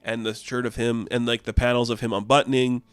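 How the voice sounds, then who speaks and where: A man's voice: mid-range voice, little pitch movement, a little fast, smooth, dry recording. Rambling man recapping a comic. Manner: rambling, filled with "like". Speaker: comic book reviewer. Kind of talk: casual comic book recap.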